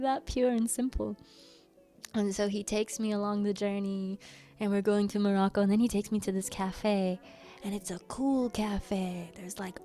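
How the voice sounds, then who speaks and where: Animated woman telling a casual story. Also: mid-range voice. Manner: animated, playful, slips into quoted voices and humming. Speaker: workshop host.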